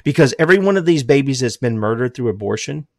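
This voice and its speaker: A fervent older man preaching a sermon, his voice sitting at an ordinary middle pitch. He swings between loud, emphatic declarations and low, hushed lines, and the recording sounds close and dry, with no room echo. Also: lively intonation, quick pace, creaky. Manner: says he is emotional. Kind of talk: impassioned sermon.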